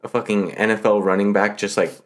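A young man co-hosting a podcast who speaks in a fairly low voice. His chat is laid-back and rambling, full of filler words. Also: flat delivery, quick pace. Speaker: podcast co-host. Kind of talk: casual chat.

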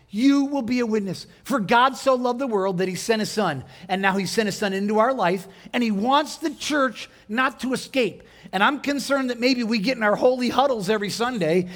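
Male pastor with a high voice, preaching in a conversational style and quizzing the congregation. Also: fairly bright tone. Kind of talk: sermon.

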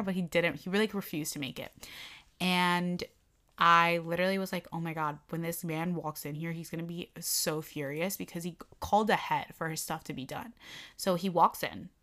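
A young woman in casual conversation, animatedly retelling a bad day at work and acting out the quotes. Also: lowish voice. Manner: animated, lots of "like", acts out quotes. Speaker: storyteller recounting a work incident. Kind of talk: casual chat.

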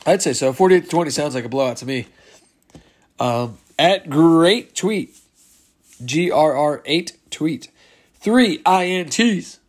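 A man hosting a laid-back solo sports podcast, his voice sitting a little high for a man. He chats loosely as he reads out listener replies, chuckling along with them. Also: animated, slow. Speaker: podcast host. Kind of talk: casual solo podcast chat.

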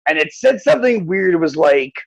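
A man's voice: fairly high pitch, brisk, creaky, highs cut off. A man co-hosting a podcast, telling stories with lots of swearing and acted-out voices. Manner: animated, profane, acts out voices in stories. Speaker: podcast co-host. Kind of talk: casual chat.

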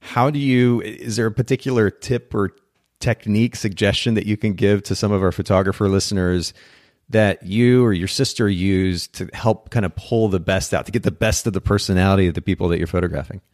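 A man's voice: fairly low pitch, steady tone, a little fast, darkish tone, dry recording, studio quality. A middle-aged man hosting a podcast interview in a chatty, upbeat way, often restarting his phrases. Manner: upbeat, chatty, self-correcting. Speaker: podcast host.

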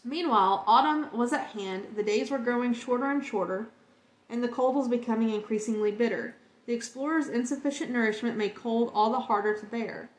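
A woman's voice: on the high side, fairly quick. Earnest woman reading aloud, echoey room. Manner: earnest, emotionally moved reading. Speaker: podcast host reading an encyclopedia.

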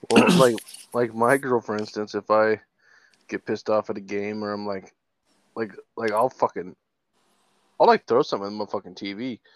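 A man's voice: lowish voice, normal speed, pauses often, dry recording. A man co-hosting a podcast, talking in a laid-back, profane way and stumbling over repeated words. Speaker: podcast co-host. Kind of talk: casual chat.

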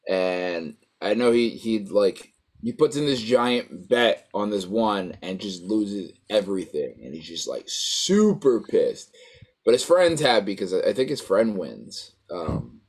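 A man's voice: fairly low pitch, big pitch swings, a little slow. A man casually recapping a story, rambling with many fillers and acting out quoted lines. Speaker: co-host recapping a show. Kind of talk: casual chat.

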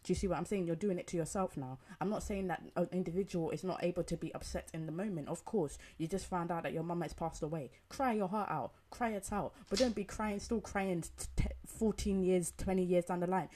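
A woman's voice: lowish voice, fairly quick, few pauses, mellow. Emphatic young woman. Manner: emphatic, repetitive, rhetorical questions. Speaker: commentator. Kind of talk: opinion monologue.

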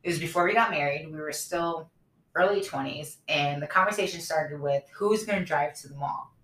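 Bright-voiced woman telling a candid story. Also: deep voice, normal speed. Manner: candid storytelling, animated retelling of dialogue. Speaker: podcast co-host. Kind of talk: casual chat. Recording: echoey room.

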